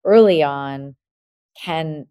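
A woman podcast host who reflects aloud and builds on her guest's points in a relaxed interview. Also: sits low, drawn-out words, dry recording, clean studio sound.

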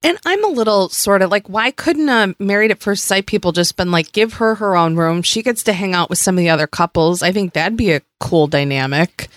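A woman co-hosting a podcast in casual chat, wry and crude with quick jokes. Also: medium pitch, dry recording, studio quality. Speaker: podcast co-host.

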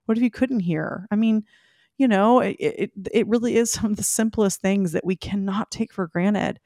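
A woman's voice: mid-range voice, moderate pace, no room sound, studio quality. Upbeat woman hosting a solo podcast. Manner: animated, emphatic, self-affirming, addresses listeners directly. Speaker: podcast host. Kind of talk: solo podcast talk, motivational.

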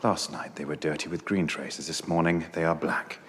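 An actor playing a stern, sharp-eyed male detective who lists clues in a clipped, cool manner, from a film clip. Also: rumbling low, steady tone, moderate pace. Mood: coolly deducing. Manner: clipped, coolly deducing. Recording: film clip with roomy echo, faint noise.

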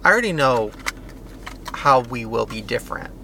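A man's voice: medium pitch, very animated, moderate pace, creaky, pushed and bright, slight background noise. A man co-hosting a casual podcast chat, talking in a dramatic, joking way. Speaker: guest co-host.

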